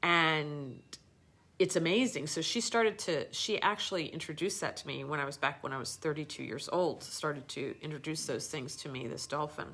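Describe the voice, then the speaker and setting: A woman's voice: low-pitched, normal speed, a bit bright. A middle-aged woman hosting a live show, rambling through a personal story with many fillers and restarts. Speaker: host.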